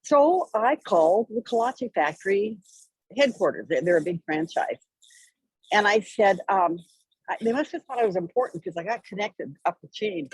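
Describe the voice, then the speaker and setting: A woman guest tells a story with a wry, lively delivery, slipping into the voices of the people she quotes. Her voice is husky and a little breathy. The sound is dry and close, with no room around it. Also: medium pitch, normal speed, no room sound, low-quality recording. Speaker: interview guest. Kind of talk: conversational storytelling.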